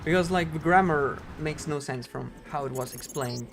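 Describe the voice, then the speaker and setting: A man's voice: fairly high pitch, moderate pace, gravelly. A man with a German accent, chatting casually to his audience in a rambling way while he livestreams a game. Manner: rambling, chatty, frequent "like" fillers. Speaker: speedrunner streamer. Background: game music.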